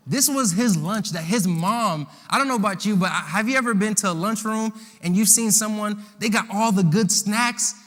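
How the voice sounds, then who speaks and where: A man preaching to a youth audience, telling a Bible story in slangy, animated fashion and acting out the characters. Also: sits high, long reverb tail. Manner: animated, slangy, acts out voices of the disciples. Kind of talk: lively storytelling sermon.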